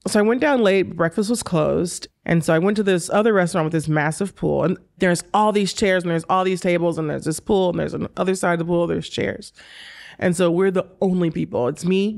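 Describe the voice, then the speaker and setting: A woman in her forties telling lively stories as an interview guest, acting out the dialogue and laughing often. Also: fairly low pitch, creaky. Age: 40s. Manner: animated, laughing, acts out quoted dialogue. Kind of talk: storytelling in a casual interview.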